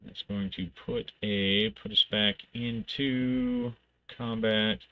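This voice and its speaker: A man's voice: on the low side, level tone, takes it slowly, phone-quality sound. A man thinking aloud as he plays a solo tabletop game, reading rules aloud and narrating the action in bursts.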